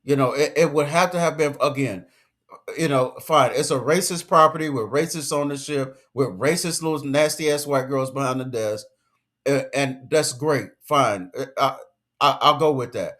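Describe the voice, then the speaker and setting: A man's voice: mid-range voice, normal speed, fairly bright tone. A man giving a casual commentary rant, emphatic and lecturing, full of slang and repeated points. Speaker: commentary vlogger.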